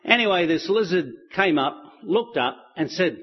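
A man telling stories to an audience in a relaxed, chatty way. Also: high voice, normal speed, breathy edge, lo-fi sound. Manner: relaxed, chatty, with light laughs. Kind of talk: storytelling talk to an audience.

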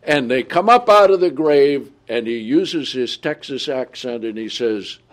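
Slow, deliberate male preacher reading scripture. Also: mid-range voice, lively intonation, slight background noise. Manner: reads scripture aloud slowly, then comments with asides; often checks in with the listeners. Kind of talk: Bible study sermon.

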